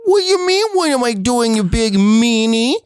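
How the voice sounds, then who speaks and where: A high, wheedling baby voice of a little girl who is secretly an adult, as a man puts her on. She coos and pleads in a sugary, put-on way. It is played for laughs in a podcast sketch. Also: sing-song, normal speed, noisy background. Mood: cutesy teasing. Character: grown woman acting as cutesy little girl. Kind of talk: comedy sketch.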